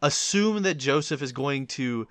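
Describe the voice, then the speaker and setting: A man's voice: medium pitch, lively intonation, measured pace, a bit bright, dry recording. A man co-hosting an anime podcast, analytical and laughing often in casual chat. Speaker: podcast co-host.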